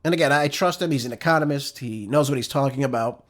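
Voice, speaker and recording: A man's voice: medium pitch, quick pace. A man hosting a political show, delivering an emphatic commentary monologue full of rhetorical questions and heated asides.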